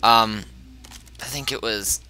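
A man's voice: lowish voice, slow pace, sharp tone. A man chatting and laughing while playing a co-op game. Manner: giggly, chatty. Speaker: gamer playing co-op. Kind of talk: casual gaming chat.

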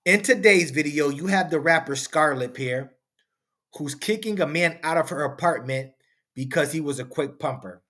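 A man's voice: on the high side, animated, normal speed, sharp tone. A man hosting a reaction commentary video, preaching and firing off rhetorical questions. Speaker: commentary channel host.

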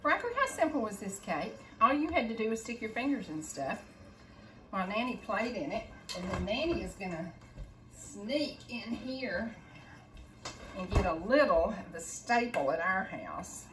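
An older woman hosts a casual cooking demo, coaxing her grandchild in a sing-song, baby-talk manner. Her medium-pitched voice swings widely in pitch at normal speed, in an echoey kitchen with faint noise.

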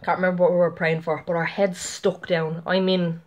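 A woman's voice: lowish voice, flat delivery, a little fast, darkish tone, muffled recording. A middle-aged woman telling a faith testimony in a chatty, rambling way, full of fillers and asides to her viewers. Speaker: Christian vlogger. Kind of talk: casual testimony monologue.

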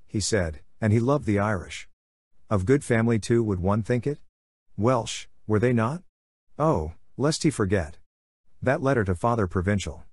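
A man with a low, slightly mellow voice narrates an audiobook, giving a scripted literary reading. The recording is dry, with clean studio sound.

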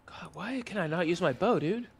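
A man's voice: high voice, animated, normal speed, gravelly, breathy edge. A young man co-playing a video game, grumbling and swearing casually and tacking "dude" onto his complaints. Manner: swears a lot, grumbling, ends lines with "dude". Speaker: co-op gaming partner. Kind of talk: casual gaming chat.

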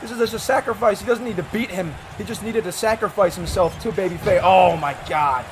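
A man commentating a wrestling video game with a friend, often shouting and swearing. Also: high voice, a little fast. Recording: noisy stream audio.

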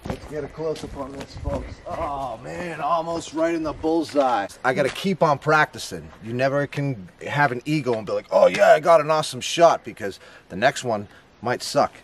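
A young man with a Boston accent talks straight to his viewers in a chatty, joking outdoor vlog, calling them folks. His pitch sits in an ordinary middle range. Faint outdoor noise hums behind him at the campsite. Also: moderate pace, fairly bright tone. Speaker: outdoor vlogger. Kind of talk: casual vlog to camera. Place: outdoors at a campground and archery range.

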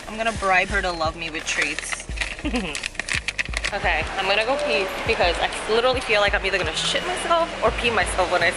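A young woman vlogging in a casual, giddy way, swinging from hushed asides to excited squeals. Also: mid-range voice.

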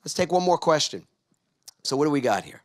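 A man's voice: fairly high pitch, lively intonation, brisk. A middle-aged man from New York giving a motivational conference talk on a large stage, drawing the audience in with call-and-response questions. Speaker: keynote speaker.

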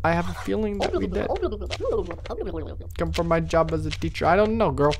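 A man doing live commentary on a horror game, joking and cursing as he talks to the characters at his door, swinging from loud mock cheer to muttered asides. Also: a little high, moderate pace, gravelly, background noise. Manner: jokey, profane, talks to game characters as a doorman. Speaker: let's play streamer.

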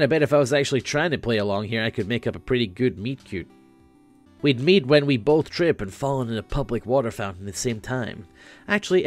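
Here a man voices a drifting, floating teen who guides the player with self-aware commentary, relaxed and meandering in delivery. His pitch and volume sit a little above his normal speaking voice, and the acting is light.

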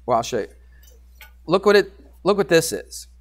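A man teaching algebra to a class, animated and teasing, coaxing students with questions. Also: on the high side, moderate pace. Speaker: high school math teacher. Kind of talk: classroom lecture.

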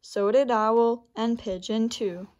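Gently and without hurry, a librarian reads a children's picture book aloud before guiding listeners through an easy craft. Her voice is a little high and steady in tone, suited to story time.

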